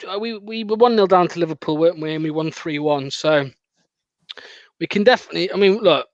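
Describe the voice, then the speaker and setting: A man hosting a live football watchalong chats in a slightly high voice. He talks hesitantly, full of fillers, and often breaks into laughter. The sound is dull and lo-fi, with no room echo. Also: fairly quick. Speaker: fan channel host. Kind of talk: casual live watchalong chat.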